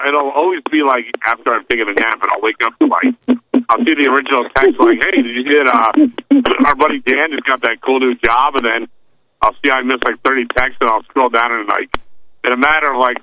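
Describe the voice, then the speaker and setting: A man co-hosting a podcast in casual chat, with a bright, sharp tone. His voice swings widely as he jokes. He slips into playful little voices when he quotes messages. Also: mid-range voice, animated, fairly quick, rough recording. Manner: bright, playful, mimics texts in put-on voices. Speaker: podcast co-host, not a wrestling fan.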